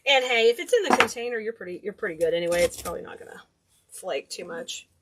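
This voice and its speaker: A woman's voice: mid-range voice, animated, fast, very noisy. A woman hosting a casual DIY craft tutorial, chatty and enthusiastic, gushing over cute details. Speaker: craft video host.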